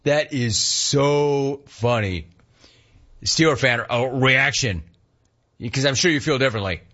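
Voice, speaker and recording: A man hosting a sports talk radio show, teasing listeners with amused, rapid-fire rhetorical questions. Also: medium pitch, pushed and bright, muffled recording.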